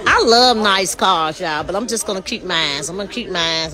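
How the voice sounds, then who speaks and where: A woman chatting casually on a phone live stream, animated and talking straight to her viewers, outdoors at night and then inside a car. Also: medium pitch, normal speed, hardly any pauses, a crowd in the background. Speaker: livestreamer showing a car. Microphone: phone held in hand.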